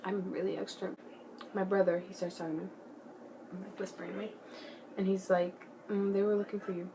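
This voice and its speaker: A teenage girl telling a story in a casual vlog, excitable and giggly, full of "like" and "bro", sometimes dropping to a hushed whisper. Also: medium pitch, a little fast, background noise. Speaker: vlogger.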